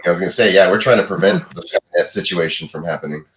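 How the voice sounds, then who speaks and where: A man's voice: deep voice, quick pace, a bit bright, reverberant, rough recording. A man co-hosting a podcast in casual chat, laid-back, swearing freely and laughing often. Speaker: podcast co-host.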